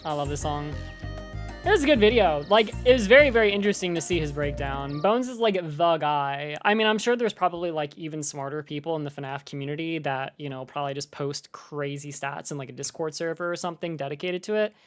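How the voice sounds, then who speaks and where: A woman's voice: low voice, a little fast, soft background music. Rambling young American woman streamer. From United States. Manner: rambling, filler-heavy, animated with laughs. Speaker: streamer reacting to a video. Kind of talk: casual live-stream chat.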